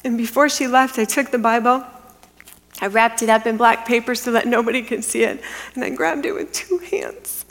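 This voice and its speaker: A woman's voice: fairly high pitch, moderate pace. Middle aged woman preaching a story, earnest, sometimes whispers, long echo like a big church hall. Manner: earnest storytelling, drops to a hushed whisper for quiet moments. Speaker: women's ministry speaker. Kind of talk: testimony told as a sermon.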